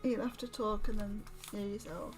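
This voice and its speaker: A woman's voice: medium pitch, fairly even intonation, normal speed, faint music behind. A woman from Derbyshire hosting a casual livestream from home, chatting in a rambling, giggly way. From Derbyshire, England. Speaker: livestream host. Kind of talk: casual livestream chat while stitching.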